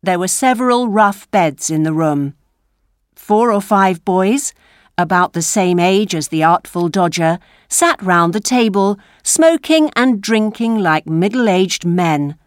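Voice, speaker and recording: Female storybook narrator, unhurried and animated, dry studio sound. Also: medium pitch, dry recording. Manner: slow, expressive storytelling. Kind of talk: reading a graded story aloud.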